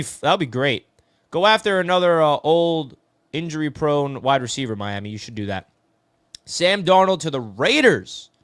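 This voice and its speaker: Chatty New sports host, dry mic. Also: male voice, on the high side, a bit bright, no echo. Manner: chatty, answers viewer comments, says "bro" a lot. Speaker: sports talk show host reading live chat. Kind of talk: casual live-stream sports talk.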